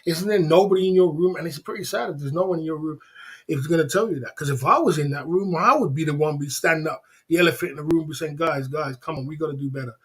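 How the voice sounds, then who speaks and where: A man's voice: fairly high pitch, quick pace, husky. A man hosting a casual livestream, talking in a preachy, repetitive way full of rhetorical questions. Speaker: livestream host.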